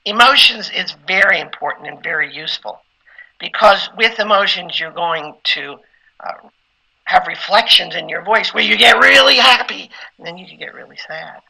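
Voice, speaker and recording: A man's voice: sits high, moderate pace, creaky, bright, forceful tone, slightly rough, low-quality recording. A middle-aged man giving an informal lecture on preaching skills, conversational and at times emphatic like a preacher. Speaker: instructor teaching preaching skills.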